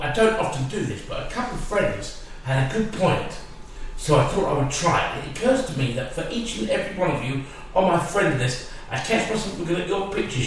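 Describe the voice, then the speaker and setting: A man co-hosting a podcast in casual banter, dry and deadpan, recorded from a distant mic in an echoey room. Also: a little high, a little hiss or hum.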